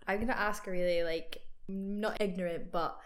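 A woman's voice: medium pitch, fairly even intonation, moderate pace. A young woman, co-hosting a podcast and asking curious, rambling questions. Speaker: podcast co-host. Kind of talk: casual chat.

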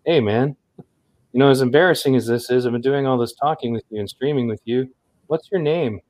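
A man's voice: mid-range voice, a little fast, a little mellow. A man hosting a livestream in a rambling, upbeat, chatty way. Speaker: livestream host. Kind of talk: casual livestream chat.

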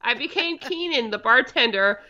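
A woman co-hosting a casual chat about a comedy show, opinionated and animated, often exasperated. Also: on the high side, moderate pace. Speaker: podcast co-host. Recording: dull lo-fi sound.

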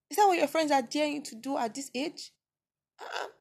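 Animated Nigerian woman podcaster. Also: high-pitched, brisk, creaky. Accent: Nigerian, Yoruba-inflected. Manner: animated, incredulous reactions with frequent laughter and exclamations. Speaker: podcast host. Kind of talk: casual solo podcast reading listener messages.

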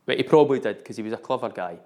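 A middle-aged man with a Scottish accent telling a story in casual chat, animated and laughing often. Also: medium pitch, racing.

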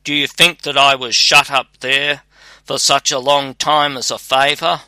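A man voicing a mighty, haughty male spirit, loud and threatening by turns. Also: mid-range voice, little pitch movement, unhurried, smooth, no echo. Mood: menacing. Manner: loud, threatening then pleading.

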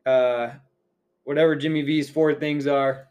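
Relaxed rambling male podcast host. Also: mid-range voice, moderate pace. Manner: relaxed, rambling storyteller with many fillers. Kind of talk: casual podcast chat.

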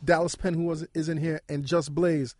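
Man, podcast host, high voice, joking, swearing, laughing, dry studio sound. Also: flat delivery, normal speed, a little mellow, dry recording. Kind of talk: casual chat.

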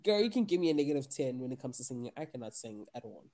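A young woman hosts a casual chat with a lively, bouncing voice. She gets loud and excitable, swears freely, and laughs often. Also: a bass voice, rapid-fire. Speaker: podcast host.

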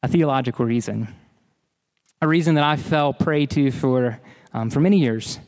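A man's voice: fairly high pitch, moderate pace, a little mellow, long reverb tail. A man preaching a sermon in an earnest, emphatic way, often repeating key phrases. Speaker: pastor.

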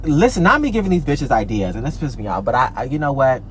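A man's voice: medium pitch, big pitch swings, fast, a bit bright, a little hiss or hum. A man, an artist, ranting angrily to camera, swearing often, repeating himself, stammering and trailing off. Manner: heated, profane, repetitive rant with many restarts; trails off with "I don't know" and stammers. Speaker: artist and social media creator. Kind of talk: ranting vlog.

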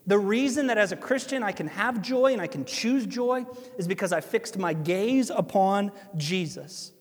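A man with an Ohio accent, preaching a sermon as pastor, animated and conversational with asides to listeners. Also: high voice, normal speed. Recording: long hall reverb.

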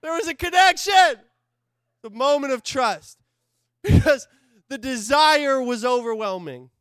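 High-voiced animated male pastor preaching. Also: measured pace, pauses often, no room sound, studio quality. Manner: animated, conversational, swings from loud to hushed. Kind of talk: sermon.

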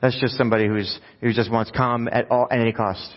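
A man's voice: medium pitch, steady tone, quick pace. Man preaching a conversational sermon, echoing hall. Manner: conversational, asks the congregation rhetorical questions. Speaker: pastor. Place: church sanctuary. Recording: dull sound with long hall reverb.

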